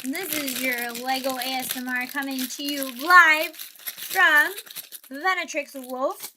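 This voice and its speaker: Young woman vtuber talking to chat while building lego, high bright voice, slow easy pace. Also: fairly even intonation, noisy background. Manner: chatty, playful, talks to chat and to the pieces. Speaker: VTuber streamer.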